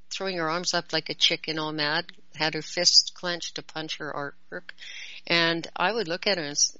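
A woman's voice: deep voice, no room sound. A woman who teaches art, telling a story in casual conversation and acting out what people said. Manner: animated storytelling with laughs. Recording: dull lo-fi sound.

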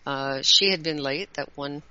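Bright-voiced woman telling a story. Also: low-pitched, a little slow. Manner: animated storytelling with laughs. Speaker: art teacher. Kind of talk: casual conversation. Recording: dull lo-fi sound.

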